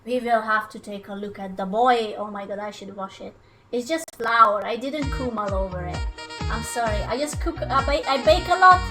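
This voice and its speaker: With soft music in the background, a female streamer in a fairly high, bright, forceful voice cooks live from her kitchen at normal speed. She chats casually with viewers in a jokey, teasing, playful way.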